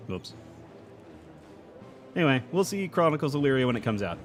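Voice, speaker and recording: A young man talking casually through a live game stream, greeting viewers and laughing easily. His pitch swings up and down a lot as he chats, in a mid-range voice. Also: sing-song, moderate pace, faint music behind. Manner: chatty, reads chat aloud, laughs often.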